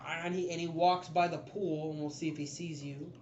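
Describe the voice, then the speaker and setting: Man as a casual dungeon master, slightly high voice, rambling and filler-heavy, recorded dull and roomy. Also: fairly even intonation, darkish tone, a little hiss or hum. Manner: loose, laughing, filler-heavy storytelling with quick put-on voices. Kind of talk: casual tabletop game narration. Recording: dull echoey room recording.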